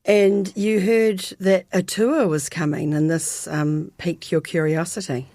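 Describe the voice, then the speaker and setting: A woman's voice: fairly low pitch, flat delivery, a little slow, warm tone, no room sound. A woman hosting a podcast, reading prepared introductions and putting questions to her guest. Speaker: podcast host. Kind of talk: scripted podcast interview.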